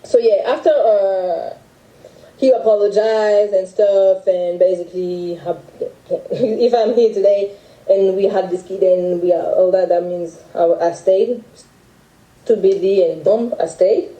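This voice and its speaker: A young French woman with a French accent, recounting a personal story in halting speech full of restarts. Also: mid-range voice, dark tone, echoey room, poor audio. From France. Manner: halting, with many restarts and fillers. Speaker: guest telling her story. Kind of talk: emotional personal account.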